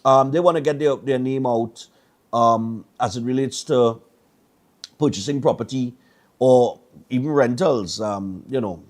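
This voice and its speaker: A man's voice: mid-range voice, measured pace. A middle-aged man with a Trinidadian accent, hosting a morning show and telling stories in a casual, rambling way with stammered repeats. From Trinidad and Tobago. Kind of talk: casual chat.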